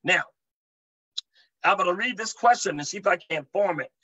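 A man's voice: high voice, animated, normal speed, sharp tone, rough recording. A male preacher teaching a sermon to an online audience, emphatic and full of "amen" and calls to his listeners. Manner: emphatic, repeats "amen" and asks the audience to respond. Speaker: preacher, deliverance minister.

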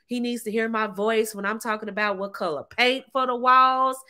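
A woman talks to her viewers in a sassy, emphatic way. Her voice sits a little high and rings very bright. She laughs often and calls her audience ladies and honey. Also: fairly even intonation, normal speed, clear, resonant tone. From United States. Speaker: relationship advice vlogger. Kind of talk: casual talk to camera.

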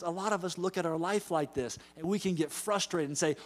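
Energetic preaching pastor, man. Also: sits high, fairly quick, few pauses. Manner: energetic preaching, rising to loud emphatic calls. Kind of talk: sermon. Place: church sanctuary.

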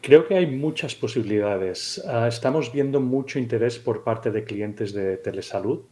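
A man talks on a casual video call, pausing now and then with hesitant fillers as he thinks. His voice is mellow and dark in tone, at an ordinary middle pitch. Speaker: coworker answering questions on a video call.

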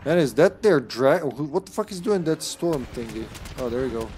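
Excitable man streaming a game, swearing. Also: mid-range voice, moderate pace, a little hiss or hum. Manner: swears freely, shouts at the game. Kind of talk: live gameplay commentary.

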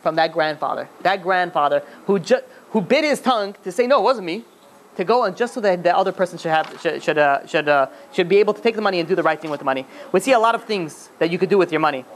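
Male rabbi, rapid-fire storyteller who acts out every character; slight room noise. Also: high voice. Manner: animated, acts out characters with many restarts. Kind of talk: storytelling sermon.

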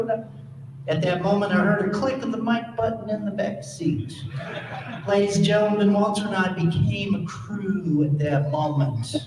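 A man who used to fly military jets tells a story live to an audience, with dramatic pauses and put-on radio voices. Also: high voice, crowd noise. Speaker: former military pilot telling a story. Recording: echoey hall, distant mic, audible noise.

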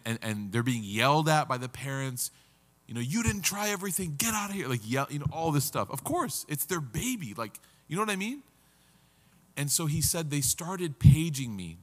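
A man, a religious teacher telling a moving story in an earnest, halting way, his voice breaking with emotion. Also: medium pitch, a bit bright. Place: community center hall. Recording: reverberant lecture hall.

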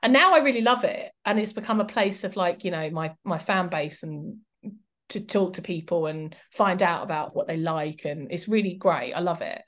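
A woman's voice: fairly low pitch, normal speed, a bit bright. A woman, speaking as a guest historian in a casual interview, candid and self-mocking with lots of fillers. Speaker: guest historian and documentary presenter.

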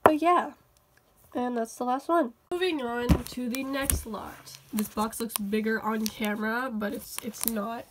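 Excitable woman vlogger, gushing toy-haul unboxing, slightly high voice, faint hiss behind. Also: measured pace. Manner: gushing, excitable, many "oh my goodness".

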